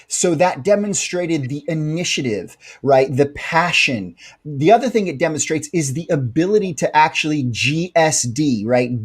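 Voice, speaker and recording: A man hosting a live stream interview, emphatic and repeating himself, jumping in with excited interjections. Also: sits high. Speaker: host.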